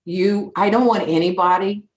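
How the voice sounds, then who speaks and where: A woman's voice: medium pitch, steady tone, moderate pace, darkish tone. A middle-aged woman who owns an insurance agency, talking firmly and directly in an interview. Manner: firm, emphatic, direct. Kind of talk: conversational interview answers. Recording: roomy echo.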